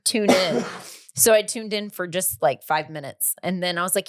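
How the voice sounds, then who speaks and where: A woman's voice: medium pitch, moderate pace. Giggly woman co-hosting a podcast. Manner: teasing, giggly, lively retelling. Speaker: podcast co-host. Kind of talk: casual chat.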